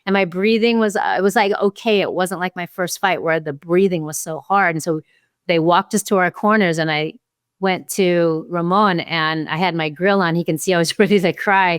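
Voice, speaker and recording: Older woman with a smooth, dry voice. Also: fairly low pitch, moderate pace, no echo. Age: 60s. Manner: lively storyteller who acts out her own past thoughts. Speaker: podcast guest, martial arts champion. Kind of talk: storytelling in an interview.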